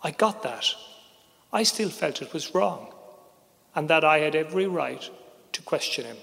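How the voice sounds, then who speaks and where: Gravelly middle-aged man telling a story. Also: a little high. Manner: wry, measured, drops quietly on heavy moments. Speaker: sports journalist. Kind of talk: first-person storytelling. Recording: long reverb, hall-like.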